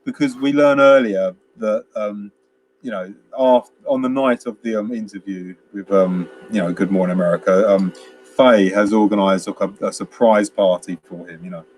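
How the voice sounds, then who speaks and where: A man's voice: fairly low pitch, fairly even intonation, normal speed, darkish tone, soft background music. A man, co-hosting a casual film review chat, rambling through scenes with quoted lines and frequent laughs. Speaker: podcast co-host.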